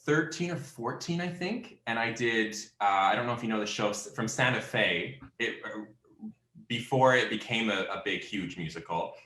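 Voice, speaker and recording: Bright-voiced young man in a roomy room. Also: mid-range voice, lively intonation. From Canada (Alberta). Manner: halting, many fillers and restarts, self-correcting. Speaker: guest musician. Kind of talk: casual interview chat. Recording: roomy echo.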